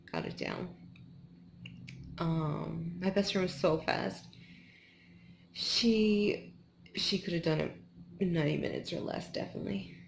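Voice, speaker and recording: A woman's voice: on the low side, creaky, background noise. Rambling tired young woman vlogger. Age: 20s. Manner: rambling, lots of "like" and restarts. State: tired after running. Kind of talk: casual post-race vlog.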